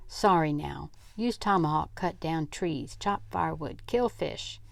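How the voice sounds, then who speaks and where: A woman's voice: low voice, measured pace, vocal fry, no echo. A woman voicing a small, proud, demanding man who talks in short clipped phrases, from a storybook read-aloud. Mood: blunt.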